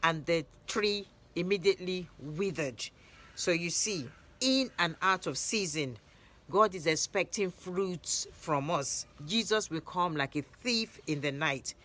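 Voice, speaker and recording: A woman narrating Bible stories in a lively retelling, raising her voice for the quoted lines. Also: fairly low pitch, measured pace. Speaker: Bible storyteller.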